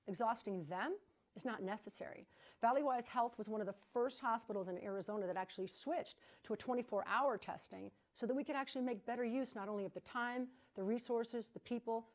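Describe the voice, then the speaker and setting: Emphatic woman hosting a live fundraiser. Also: medium pitch. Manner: energetic, emphatic, chatty, unscripted. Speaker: fundraising gala host. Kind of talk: live-broadcast fundraising appeal.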